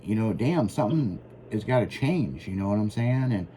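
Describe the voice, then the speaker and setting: A man's voice: fairly low pitch, lively intonation, moderate pace, dark tone. A man co-hosting a casual podcast, telling profane road stories and acting out both sides of old conversations. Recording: faint background noise.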